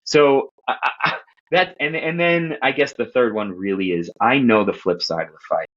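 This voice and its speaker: A man from Queens, New York, telling stories as a podcast guest in animated, casual talk, swearing and acting out what people said. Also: mid-range voice, normal speed, lo-fi sound. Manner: animated, profane, acts out quoted voices. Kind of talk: casual storytelling chat.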